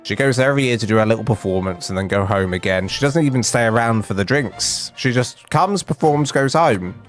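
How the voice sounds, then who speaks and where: A man's voice: medium pitch, a little fast. A young man streaming from home, telling a funny story in a chatty, self-mocking way. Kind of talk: casual storytelling while gaming. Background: faint game music.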